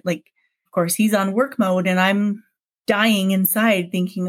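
A woman guest on a podcast interview, telling a personal story in a lively way, acting out the dialogue and laughing often. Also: medium pitch, measured pace.

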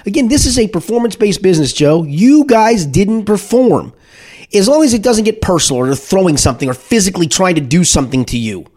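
A man talking sports on a podcast, animated and full of restarts, sometimes acting out loud booing. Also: sits high, a little fast. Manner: animated, repetitive restarts, acts out shouted booing. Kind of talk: casual sports talk.

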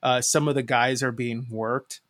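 A man with a Michigan accent talks loosely and at length, peppering his points with swear words. His voice sits at an ordinary pitch. The sound is dry and close, with no room around it. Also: steady tone, moderate pace, fairly bright tone, no echo. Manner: rambling, swears freely. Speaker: podcast co-host. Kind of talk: casual chat.

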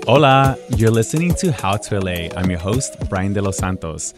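A man's voice: on the low side, expressive, moderate pace. Man, casual podcast host, playful and chatty in studio, with light music behind. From Los Angeles. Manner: playful, laughs often. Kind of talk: casual chat. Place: radio studio.

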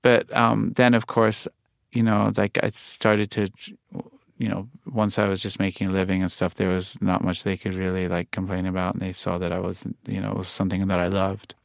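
Low, smooth man with English-New York accent. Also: monotone, moderate pace, no room sound, clean studio sound. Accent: mix of English and New York. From England. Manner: rambling, heavy use of "like" fillers. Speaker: music producer, guest. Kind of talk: casual conversation.

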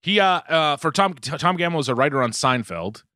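A man's voice: a little high, animated, fairly quick, bright, forceful tone, no echo, clean studio sound. A man co-hosting a podcast over a video call, joking and rambling in casual chat, swearing freely. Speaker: podcast co-host.

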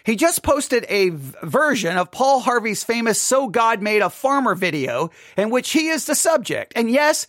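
A woman delivers indignant commentary with halting, exasperated phrasing. Her pitch swings widely as she talks. The recording is dry and close. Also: dry recording. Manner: exasperated, halting, with animated outbursts. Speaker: online commentator.

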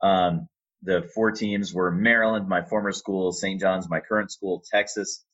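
A middle-aged man, an arena announcer, telling a relaxed story with fillers in a casual interview. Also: deep voice, a little slow, highs cut off. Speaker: arena announcer and sports media relations staffer.

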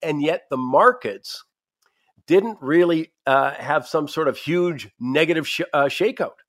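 A man's voice: fairly high pitch, expressive, measured pace, a bit bright. A man hosting a radio talk show, chatty and emphatic, thinking aloud as he interviews guests.

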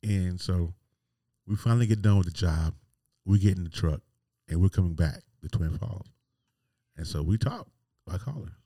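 Deep, mellow-voiced man in his forties. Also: moderate pace, long pauses, dry recording, clean studio sound. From North Carolina. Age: 40s. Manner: candid, rambling, with frequent restarts and laughs. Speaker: podcast host. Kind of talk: personal storytelling monologue.

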